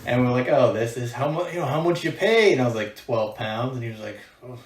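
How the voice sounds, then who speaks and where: A man's voice: mid-range voice, lively intonation, fast. A man, a podcast co-host, chatting casually and teasing his friend with short remarks. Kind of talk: casual chat. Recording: echoey, distant mic, faint hiss.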